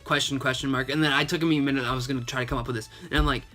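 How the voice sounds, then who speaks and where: A man's voice: mid-range voice, fairly even intonation, rapid-fire, sharp tone, faint music behind. Chatty, sarcastic young man, slightly sick. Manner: chatty, retelling a chat with lots of "and he's like". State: slightly sick, coughing and sniffling. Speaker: gaming YouTuber. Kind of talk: casual gaming vlog commentary.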